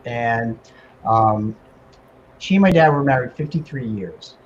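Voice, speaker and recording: A man guest on a talk radio show, telling an emotional personal story in a casual, animated way with many fillers. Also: mid-range voice, unhurried, highs cut off, a little hiss or hum. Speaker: guest medium and author.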